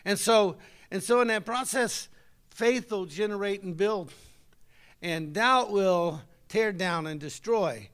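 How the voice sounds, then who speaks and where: A man's voice: high voice, takes it slowly, a bit bright, clear, resonant tone. A middle-aged man, preaching a folksy, conversational sermon and talking with his congregation.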